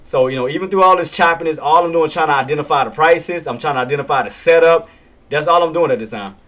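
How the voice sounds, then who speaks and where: A man on a live trading stream talks his viewers through each level in a fairly high voice. He circles back to the same points, fires rhetorical questions and answers them, and breaks into a quick chuckle or a "bam" as the market moves. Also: fairly bright tone. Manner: punctuates calls with "bam" and chuckles. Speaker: day-trading livestream host.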